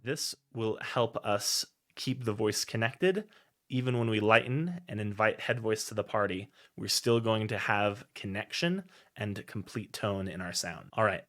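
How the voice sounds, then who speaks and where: A male voice teacher explaining warm-up exercises clearly and step by step, between sung demonstrations. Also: fairly low pitch, unhurried. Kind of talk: singing lesson instruction.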